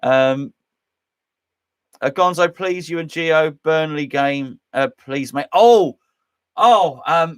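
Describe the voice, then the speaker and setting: Man, host, casual live-stream chat, rambling, jokey, a bit higher-pitched voice. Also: slow, long pauses, smooth. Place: home man cave.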